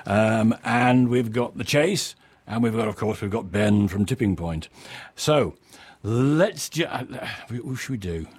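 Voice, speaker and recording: A man's voice: lowish voice, unhurried, a little mellow, breathy edge, no echo. A man in his sixties presenting a casual radio show, rambling and chuckling at his own material. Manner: rambling, self-amused, chuckling often.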